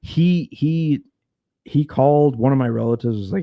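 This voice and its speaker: A man appearing as a podcast guest tells a story casually, speaking frankly, cursing, and repeating words as he starts. His medium-pitched voice moves at normal speed, and the audio is dull but free of echo.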